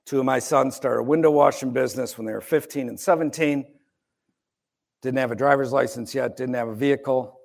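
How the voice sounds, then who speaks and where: Man, middle-aged, pastor, sermon, conversational storytelling, gravelly voice, mid pitch. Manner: conversational, wry storytelling with asides.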